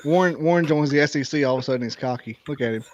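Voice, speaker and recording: A man's voice: on the high side, racing, no room sound. Rambling playful man on a lo-fi mic. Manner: rambling, playful ranting with mock accents. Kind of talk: casual chat.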